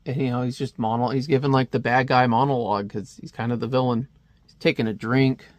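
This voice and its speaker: A man's voice: mid-range voice, steady tone, brisk, no echo. A man casually talking through a comic in a rambling review, chuckling at the panels.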